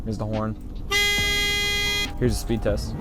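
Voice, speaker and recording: A man hosting a gaming channel, giving a plain, steady commentary that walks through car features. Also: fairly low pitch, slow. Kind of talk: gameplay commentary. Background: faint background music.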